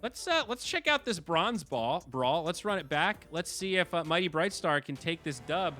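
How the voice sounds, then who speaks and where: Excitable male stream host, bright and a touch high, casual and profane; soft music bed underneath. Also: moderate pace. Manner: excitable, swears, laughs and shouts at losses. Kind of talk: casual game-stream commentary.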